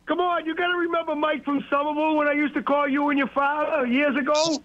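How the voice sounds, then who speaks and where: A man's voice: very high voice, flat delivery, fast. A man with a Boston accent calling in to a radio show, chummy and repetitive, calling the host pal and buddy. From Boston area. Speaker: caller. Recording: phone line.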